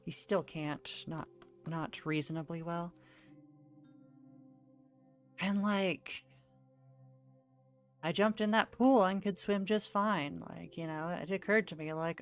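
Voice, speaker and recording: A woman's voice: fairly low pitch, takes it slowly, long pauses, faint music behind. A young woman streaming while she draws, telling a rambling story in casual chat full of "like" fillers. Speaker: art streamer.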